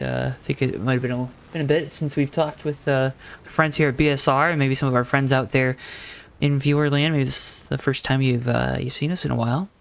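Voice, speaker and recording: A man calling a simulated stock car race in a calm, relaxed announcer voice, mixing play-by-play with easy chat. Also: medium pitch, gravelly. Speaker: sim racing commentator. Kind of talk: play-by-play commentary.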